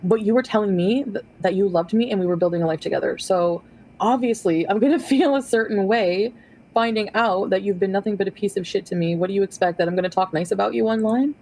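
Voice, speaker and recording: A woman's voice: mid-range voice, quick pace, darkish tone, low-quality recording. Bitter woman ranting at someone. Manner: bitter, accusing, swears freely. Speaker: person in clip being reacted to. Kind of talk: angry online rant.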